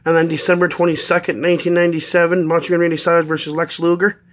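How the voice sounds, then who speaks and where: Fast-talking man reading a list. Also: fairly high pitch, flat delivery. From Canada. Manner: reads a long list, many ums. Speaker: vlogger. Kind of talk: casual unboxing video.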